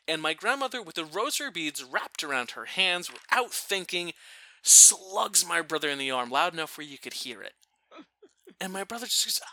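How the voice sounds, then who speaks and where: Bright, animated storyteller man. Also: fairly high pitch, brisk, dry recording. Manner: animated, self-interrupting. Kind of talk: casual storytelling chat.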